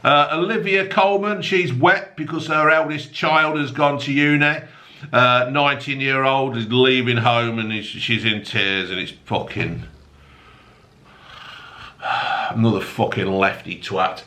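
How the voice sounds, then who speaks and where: A man's voice: mid-range voice, steady tone, a little slow, bright, forceful tone. A middle-aged man with a blunt, sweary, mocking manner, rambling through the tabloid news as a comic rant. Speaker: comedic news commentator.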